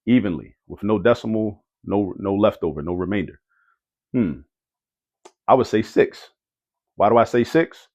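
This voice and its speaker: Man teaching math, repeating key words. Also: fairly low pitch. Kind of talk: casual math lesson. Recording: dull lo-fi audio.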